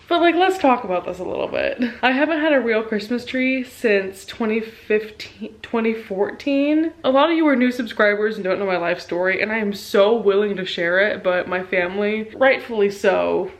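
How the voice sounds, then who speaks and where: A woman in her twenties vlogging about books at home, chatty and gushing, quick to turn sentimental. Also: medium pitch, poor audio. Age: 20s. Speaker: book vlogger. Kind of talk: casual chatty vlog.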